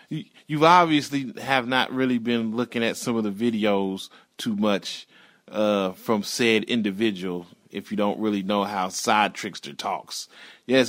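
A man's voice: on the low side, fairly bright tone. A man hosting a podcast, signing off in a casual, rambling, profane way. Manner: profane, laid-back, rambling. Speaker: podcast host. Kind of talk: casual show sign-off.

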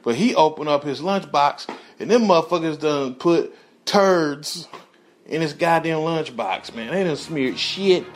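A man's voice: a little high, lively intonation, unhurried. A man, a correctional officer, telling a story from work in a casual, profane way and laughing as he goes.

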